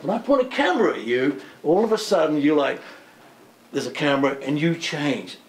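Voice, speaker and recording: A man interviewing a guest, animated, with long rambling questions and frequent affirmations. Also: fairly high pitch, fairly quick, slight background noise. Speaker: interviewer, magazine host. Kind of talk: conversational interview. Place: museum room with audience. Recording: echoey room, faint ambience.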